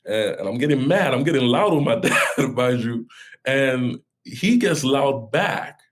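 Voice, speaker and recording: A man's voice: mid-range voice, animated, measured pace. A man, a pastor, sharing a personal story as a podcast guest in an earnest, heartfelt way, talking in run-on bursts with many restarts.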